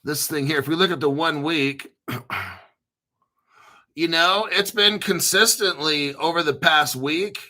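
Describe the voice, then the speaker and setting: A man hosting a casual crypto livestream, rambling excitedly with frequent laughs and restarts. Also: on the high side, takes it slowly, long pauses.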